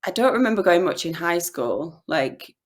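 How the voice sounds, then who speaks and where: Chatty Yorkshire woman, low voice. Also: big pitch swings. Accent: Yorkshire English. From Yorkshire, England. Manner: chatty, laughs often, quick asides. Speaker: podcast guest. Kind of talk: casual video-call chat. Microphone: video call.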